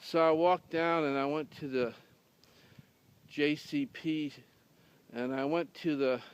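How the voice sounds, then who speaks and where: A man's voice: fairly high pitch, fairly even intonation, takes it slowly, clear, resonant tone. A man telling a rambling humorous story in a dry, casual way, with many fillers and restarts. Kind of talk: casual deadpan anecdote telling.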